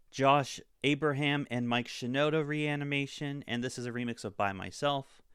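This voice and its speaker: A man's voice: mid-range voice, a bit bright, smooth, no echo, studio quality. A young man giving a casual, upbeat album review, full of fillers like "like" and "honestly".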